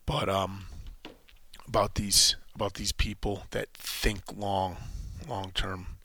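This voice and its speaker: A man with a low, gravelly voice talking through his thoughts in a loose monologue, stopping and restarting as he goes. His tone is bright and forceful, and the recording is dry and close. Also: flat delivery, slow pace, no echo. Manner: rambling, thinking aloud with many restarts. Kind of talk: casual spoken monologue.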